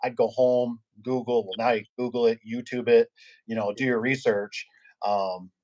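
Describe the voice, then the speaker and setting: A man's voice: mid-range voice, steady tone, normal speed, darkish tone, highs cut off. A man, a garage door business owner, chatting casually and rambling through stories while acting out the people he quotes. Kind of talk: casual podcast chat.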